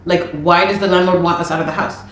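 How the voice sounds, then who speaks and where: A woman, telling a personal story in an animated, indignant way. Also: on the low side, quick pace, roomy sound. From Canada. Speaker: storyteller recounting a dispute.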